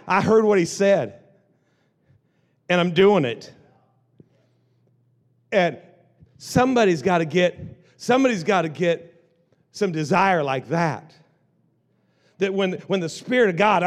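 A male pastor tells a revival sermon like a story, slangy and restarting his phrases again and again. His voice sits fairly high. A long reverb trails every line. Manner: casual slangy, frequent stammered restarts. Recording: long reverb of a large room.

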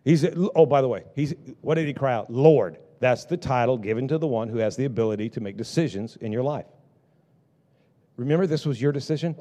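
A middle-aged male pastor preaching a sermon, swinging between loud bursts and hushed lines. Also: mid-range voice, fairly quick.

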